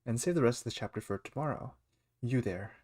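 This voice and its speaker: A man casually chatting while streaming a game, relaxed and chatty. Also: medium pitch, very fast. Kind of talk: casual gameplay commentary.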